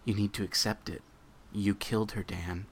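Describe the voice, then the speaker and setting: A man reading a story aloud voices a calm, knowing barman who presses his point in a low, insistent way. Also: moderate pace, slight background noise, lightly acted. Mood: quiet. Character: calm, knowing male barman, quietly relentless.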